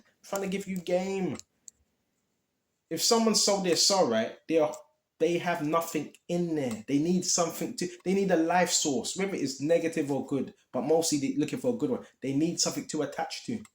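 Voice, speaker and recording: A man's voice: a little high, moderate pace, echoey room. A man preaching informally, impassioned and repetitive, with streetwise slang.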